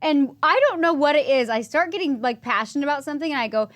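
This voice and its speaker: A woman's voice: high-pitched, lively intonation, fast, fairly bright tone. A woman hosting a podcast, chatting casually and rambling, tired and a bit loopy, laughing often. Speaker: podcast host.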